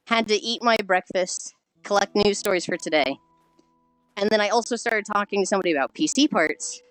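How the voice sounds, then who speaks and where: A woman streaming while she walks on a treadmill, sounding squeaky and chipmunk-like through a failing headset mic, sighing often and swearing casually as she greets viewers. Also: low-quality recording. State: walking on a treadmill while talking. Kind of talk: casual live-stream chat.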